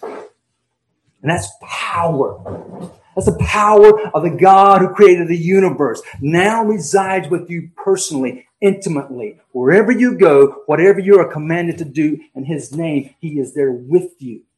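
A male pastor preaching an emphatic sermon, slowing down and swinging between loud stresses and quiet asides. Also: a little high, rough recording. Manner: emphatic preaching with dramatic pauses and swings in volume.

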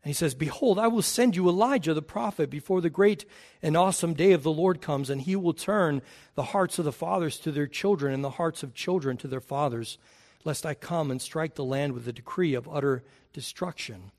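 A man delivering a sermon, with a voice pitched a little above the usual male range. He teaches emphatically, lifting his voice to stress key points and dropping it low to close a thought. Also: a little fast, darkish tone. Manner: emphatic, rises and falls in pitch and volume. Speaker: preacher.

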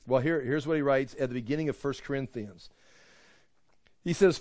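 A man preaching in a conversational, animated way, acting out the voices he quotes. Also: mid-range voice, moderate pace, no room sound, studio quality. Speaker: pastor. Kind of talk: sermon.

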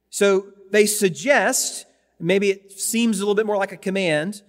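A man's voice: sits high, moderate pace, fairly bright tone. A man preaching a sermon in a conversational way, repeating words and turning to the congregation with asides. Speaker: pastor. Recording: long hall reverb.

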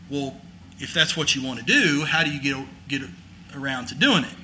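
A man's voice: a little high, animated, moderate pace, long pauses, bright, forceful tone. A man preaching a sermon in a folksy, conversational storytelling way, rising to emphatic preaching. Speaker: pastor.

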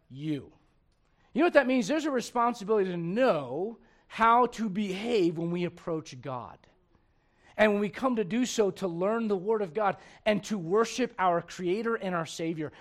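A man preaching a sermon as pastor, moving from quiet conversational asides to shouted emphasis and laughing with his congregation. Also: sits high, expressive, moderate pace.

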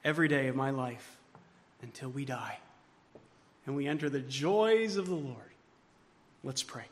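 A man preaching a sermon as pastor, moving from hushed, tender passages to loud, emphatic ones. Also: mid-range voice, a little slow. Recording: long hall reverb.

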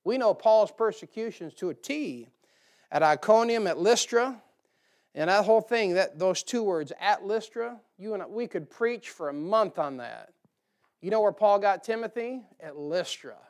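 A man's voice: high-pitched, expressive, moderate pace. A man preaching a sermon to a church, folksy and joking, rising to emphatic bursts. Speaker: pastor. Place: church sanctuary.

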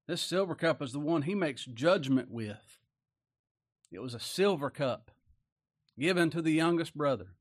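A man preaching a Bible sermon in a folksy way. He reads scripture aloud and swings between loud stresses and quiet asides. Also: fairly high pitch, expressive, normal speed, pauses often.

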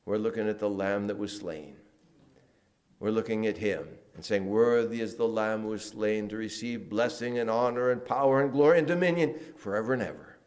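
A man preaching a sermon in a church, moving between loud emphatic lines and quiet, hushed ones. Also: on the low side, normal speed. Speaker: pastor.

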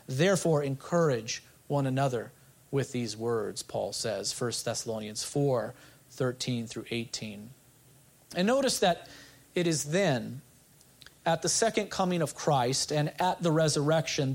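A man's voice: a little high, moderate pace. A male pastor preaching an expository sermon, earnest, asking the congregation rhetorical questions.

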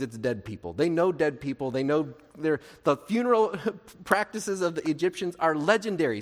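A male pastor giving a sermon in a conversational, animated way, asking rhetorical questions. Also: fairly high pitch. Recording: long reverb of a large hall.

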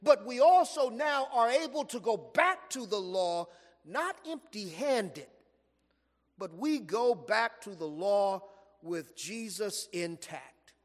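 A man's voice: high-pitched, slow. A man preaching a sermon in a church, telling stories and stretching words for emphasis. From Los Angeles, USA. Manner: animated storytelling preaching, stretched emphatic phrases. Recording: long reverb from a large hall.

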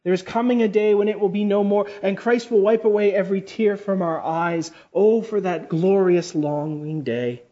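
A man preaching a sermon with fervor, swinging between loud, high exclamations and quiet, low passages and slowly drawing out key words. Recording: dull lo-fi sermon recording.

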